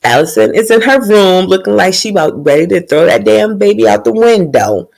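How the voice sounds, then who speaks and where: A woman's voice: mid-range voice, sing-song, fairly quick, creaky, darkish tone. A woman casually recapping a TV episode in a slangy, joking way with plenty of swearing. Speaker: TV show recapper.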